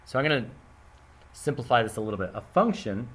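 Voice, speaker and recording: A male math teacher with a mid-range voice talks his class through a concept in a lively, casual way. He leans on playful analogies and speaks straight to the students, recorded on a camera mic as he moves about. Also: medium pitch, a little fast.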